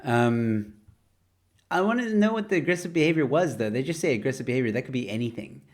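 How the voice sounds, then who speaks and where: A man hosting a comedy panel, reading headlines in an unhurried way with many fillers and laughs. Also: mid-range voice, lively intonation. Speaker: host.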